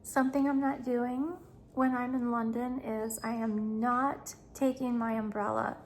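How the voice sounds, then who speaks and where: A woman's voice: fairly high pitch, flat delivery, unhurried, slight background noise. A middle-aged woman, chatting emotionally to camera in a vlog, laughing often. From United States. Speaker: travel vlogger.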